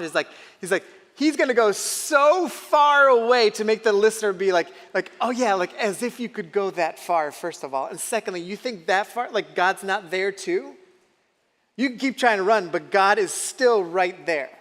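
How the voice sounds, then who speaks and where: A man's voice: sits high, a bit bright, big-room sound. A male pastor preaching a conversational sermon, often putting questions to the congregation. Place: church sanctuary.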